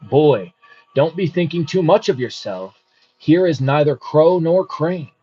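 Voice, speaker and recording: A man voicing a humble, wise housewife who speaks plainly, calmly and firmly. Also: fairly high pitch, measured pace, slightly rough, voice pushed up. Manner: plain, calm and firm. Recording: muffled with faint music.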